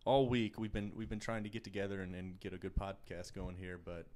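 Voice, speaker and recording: A man's voice: deep voice, level tone, fairly quick, a little mellow, a little hiss or hum. A man co-hosting a podcast, rambling through a story in casual banter with lots of restarts. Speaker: podcast co-host.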